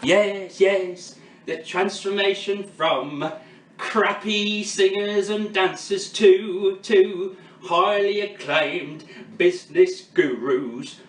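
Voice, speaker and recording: A man's voice: high-pitched, extremely slow, roomy sound, far from the mic. A man impersonating a cheeky 87-year-old showbiz host. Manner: quipping, teasing, showbiz patter. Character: veteran male game-show host, 87, cheeky and showy. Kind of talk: comedy sketch impression.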